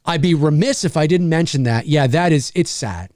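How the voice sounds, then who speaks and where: A man hosting a live question-and-answer stream as a voice actor, talking in a rambling, animated way and swearing freely. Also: on the high side, normal speed, no echo, studio quality. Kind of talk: casual live-stream chat.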